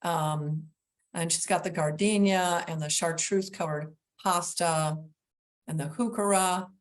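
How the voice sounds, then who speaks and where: A woman's voice: fairly low pitch, fairly even intonation, measured pace. A middle-aged woman presenting a gardening class, narrating slides in a chatty way with frequent ums and restarts.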